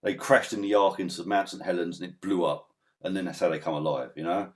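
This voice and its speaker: A man's voice: low-pitched, steady tone, quick pace. A man ranting as a guest in a casual podcast chat, swearing often and breaking into laughter. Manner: ranting, swears a lot, laughs mid-rant.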